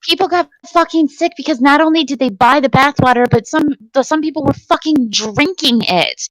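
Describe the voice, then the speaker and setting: A woman's voice: high voice, brisk, a bit bright, dry recording, rough recording. A woman in a casual call chat, chatty and laughing, swearing as she talks.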